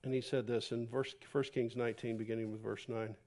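A man preaching a sermon, dropping to a hush and then rising to near-shouts as he acts out a scripture story. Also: medium pitch, a little fast. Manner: animated, swings from hushed to loud. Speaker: pastor. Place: church.

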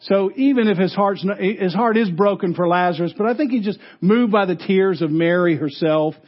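A pastor preaching a funeral sermon, earnest, rising loud for emphasis and dropping low and soft. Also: male voice, moderate pace, highs cut off.

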